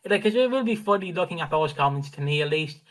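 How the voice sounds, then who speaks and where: An Irish man co-hosts a podcast in a slightly high, bright voice. He talks frankly and rambles, leaning on fillers as he goes. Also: expressive, fast talker, poor audio. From Ireland. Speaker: podcast co-host. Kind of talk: casual podcast chat.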